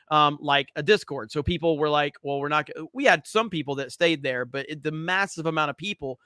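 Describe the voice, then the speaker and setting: A man's voice: fairly high pitch, pushed and bright, no echo. A man hosting a livestream, ranting with heavy profanity and reading chat comments aloud. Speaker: streamer host.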